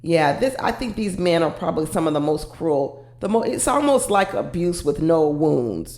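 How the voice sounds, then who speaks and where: A woman's voice: deep voice, sing-song, moderate pace, hardly any pauses, darkish tone, echoey room. A woman commenting casually and with firm opinions on a reality show, talking straight to her viewers.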